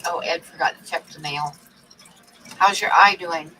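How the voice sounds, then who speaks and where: A woman's voice: fairly low pitch, normal speed, sharp tone, far from the mic, slight background noise, low-quality recording. A woman hosting a livestream in casual chat, reading out viewer comments and telling jokes. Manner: chatty, tells jokes with a put-on pirate growl. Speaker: livestream host.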